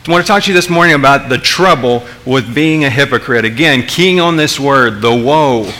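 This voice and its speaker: A man's voice: medium pitch, normal speed, pushed and bright. A man preaching a sermon in a conversational way, with many restarts and questions to his audience. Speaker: pastor.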